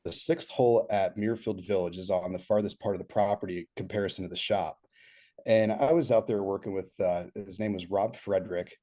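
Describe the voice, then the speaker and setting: A man telling a workplace story in a casual, lively way, laughing as he goes and acting out what others said. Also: fairly low pitch. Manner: lively storyteller, laughs mid-sentence, acts out quotes. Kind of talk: casual anecdote.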